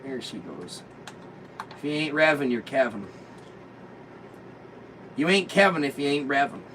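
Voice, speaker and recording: A man's voice: mid-range voice, very animated, a little slow, a bit bright. A man hosting a rowdy vlog from a motorhome, crude and joking with lots of swearing. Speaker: vlog host. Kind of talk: rowdy casual chat. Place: inside a motorhome. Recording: distant mic, noisy motorhome.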